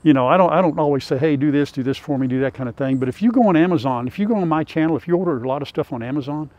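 A man's voice: fairly high pitch, very fast, darkish tone, highs cut off. Folksy older man, lapel mic outdoors. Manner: folksy and chatty, talks to his birds. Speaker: farm vlogger. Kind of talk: casual farm vlog talk. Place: outdoors by a chicken pen.

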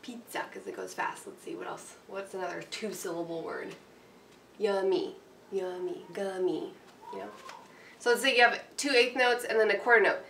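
A woman piano teacher talking through a worksheet in a casual, chatty way, full of fillers and quick checks with her listeners. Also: medium pitch, very animated, a bit bright, slight background noise. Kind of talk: casual instructional walkthrough. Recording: roomy, distant mic with faint ambience.

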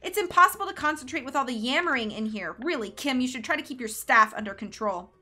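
A woman's voice: on the high side, animated, fairly quick, sharp tone, soft background music. A woman reading aloud, voicing a haughty, demanding fashion designer. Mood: imperious. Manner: demanding, imperious.

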